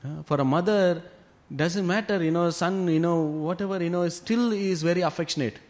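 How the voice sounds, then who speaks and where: Male scripture teacher, fairly high voice, lively storyteller with loose fillers. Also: moderate pace. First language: Tamil. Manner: animated retelling with frequent "you know" fillers. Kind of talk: devotional storytelling class.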